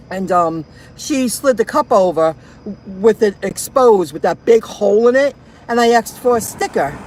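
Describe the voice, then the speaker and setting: A woman's voice: a little high, a little mellow, slight background noise. A woman delivery driver ranting in a casual vlog, indignant and repeating herself as she vents.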